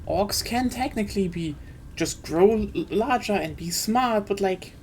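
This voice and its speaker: A woman's voice: medium pitch, expressive, measured pace, darkish tone, slight background noise. A woman streaming a game, ranting casually and enthusiastically, with frequent swearing and fillers.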